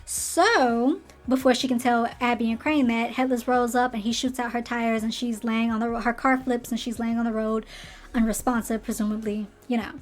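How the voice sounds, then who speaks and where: Brief: chatty, slightly hoarse woman with a higher voice, animated casual rant. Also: moderate pace. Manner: chatty, animated, acts out character lines. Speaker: show commentator.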